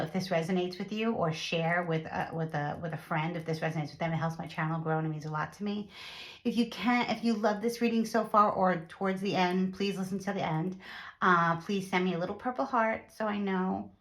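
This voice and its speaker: A woman chatting through a casual tarot reading to her viewers, repeating herself and using lots of fillers. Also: on the low side. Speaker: tarot reader.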